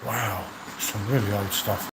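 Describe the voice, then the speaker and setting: A man's voice: lowish voice, steady tone, a little slow, creaky, heavy background noise. A middle-aged man, streaming live as he walks around a museum, marvelling at the exhibits and chatting to viewers by name, with the sound picked up by a handheld phone. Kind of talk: live walk-around commentary. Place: indoor museum with old exhibits. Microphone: handheld phone while walking.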